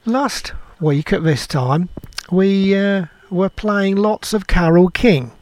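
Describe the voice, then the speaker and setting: Older male radio co-host, high voice, dry close studio sound, rambling nostalgic chat. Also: takes it slowly, darkish tone, no echo. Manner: reminiscing, rambling, self-mocking. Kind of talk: chatty music radio talk.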